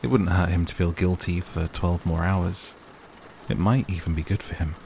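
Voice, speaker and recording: Deep gravelly man reading a sleep story. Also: a little mellow, slight background noise. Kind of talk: soothing bedtime story narration. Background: rain sounds.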